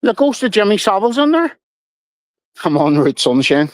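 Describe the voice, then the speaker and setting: A man's voice: high voice, very animated, normal speed, no echo, poor audio. A middle-aged man, swearing freely as he rambles through stories on his casual livestream. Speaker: livestream host.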